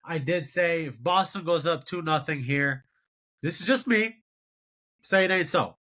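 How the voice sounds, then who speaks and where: A man in his twenties hosting a solo sports show, giving animated, exasperated commentary on game results. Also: a little high, measured pace. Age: 20s. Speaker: podcast host.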